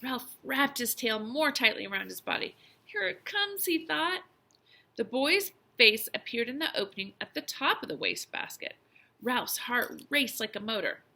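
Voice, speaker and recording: Reading from a children's novel, this teacher uses a fairly high-pitched voice at normal speed, telling the story expressively and stressing words with energy.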